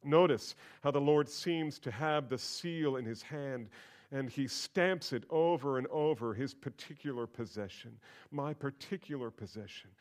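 A man preaching a sermon at a middle pitch. He repeats his phrases for emphasis. His voice rises into loud, emphatic peaks and drops into hushed, low asides. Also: unhurried. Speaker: pastor.

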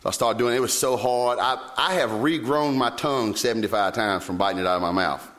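Man preaching in animated storytelling. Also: quick pace. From Virginia, US. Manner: animated storytelling, sudden leaps in pitch when quoting himself. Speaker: pastor. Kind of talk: sermon.

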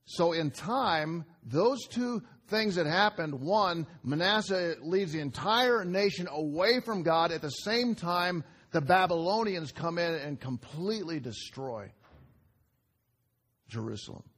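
A man preaching a sermon in a conversational way, asking the congregation rhetorical questions and dropping to quiet asides between emphatic lines. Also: on the high side, lively intonation, unhurried, breathy edge. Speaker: pastor.

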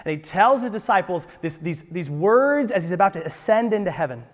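A man preaching a sermon as pastor, animated and talking with his hands. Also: high-pitched, brisk. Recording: long hall reverb.

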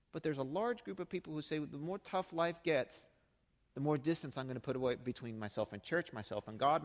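Middle-aged male pastor preaching in a hall. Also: fairly high pitch. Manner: conversational preaching with rhetorical questions. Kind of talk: sermon. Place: church sanctuary.

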